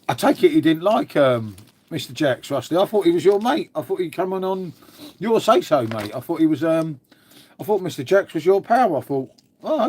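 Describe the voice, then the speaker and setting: Slightly high and a little mellow with a breathy edge, this man's voice fills a casual home live stream. He's from England and rambles chattily, answering his chat and occasionally swearing.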